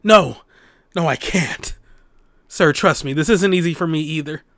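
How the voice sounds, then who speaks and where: A man voicing a teary, earnest male deputy who pleads in a hushed, insistent voice. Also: fairly high pitch, measured pace, no room sound, clean studio sound. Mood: urgent pleading.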